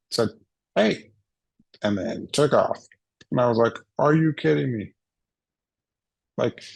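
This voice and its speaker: A man's voice: medium pitch, creaky, slightly rough, dry recording. A man telling a funny personal story at a summit, playfully acting out the voices he quotes. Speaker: summit speaker. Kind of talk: humorous personal storytelling talk. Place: recorded for a virtual summit.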